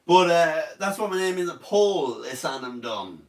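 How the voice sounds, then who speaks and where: A man in his thirties with an Irish accent, talking on a live stream in a jokey, rambling way and breaking into silly voices. His voice sits fairly high, and he sounds a little away from the mic in an echoey room. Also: animated, measured pace, distant mic. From Ireland. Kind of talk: casual live-stream chat.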